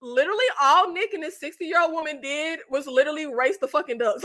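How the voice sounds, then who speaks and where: Bright high-voiced woman, blunt and animated. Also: normal speed, hardly any pauses. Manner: animated, exasperated, blunt with swearing. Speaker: channel host reviewing reality TV. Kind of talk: casual recap commentary.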